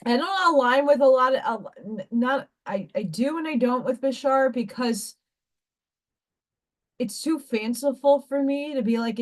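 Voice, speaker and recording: Her voice a little high and her pace a little slow, a woman runs a livestream where she rambles frankly, swears casually, and pauses the chatter to read out oracle card messages.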